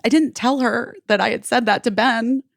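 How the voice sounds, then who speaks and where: A woman's voice: fairly high pitch, steady tone, normal speed, creaky, no echo, studio quality. A woman in her forties hosting a podcast, telling a story in casual chat, full of "like" and swearing freely. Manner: chatty, heavy on "like", swears freely. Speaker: podcast host.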